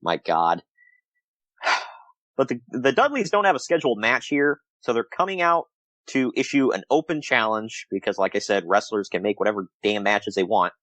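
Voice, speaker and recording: A man's voice: lowish voice, sing-song, normal speed, fairly bright tone, dry recording. A man co-hosting a casual podcast review, rambling and laughing often as he retells things. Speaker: podcast co-host.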